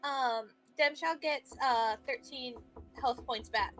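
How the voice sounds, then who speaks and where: High pitched woman playing d&d, chill and reassuring, some music behind. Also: takes it slowly, fairly bright tone. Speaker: player. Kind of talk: casual tabletop play.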